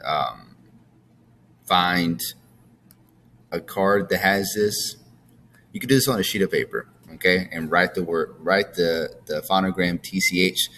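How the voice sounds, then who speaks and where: Slow, patient male phonics teacher. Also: low voice, a bit bright, a little hiss or hum. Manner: patient, repeats "all right?" and "okay?" often, drills words slowly. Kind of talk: recorded phonics lesson for students.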